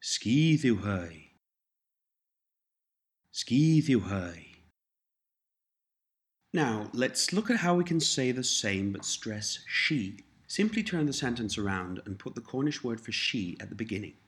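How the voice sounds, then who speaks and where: A man narrating a scripted language course, giving slow, measured prompts and repeating each phrase twice. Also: mid-range voice, very animated, a bit bright.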